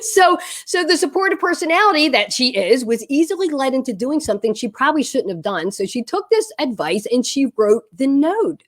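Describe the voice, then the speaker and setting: A middle-aged woman and parenting coach tells a story in an advice video, animated and laughing at her own tale. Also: high-pitched, brisk, few pauses.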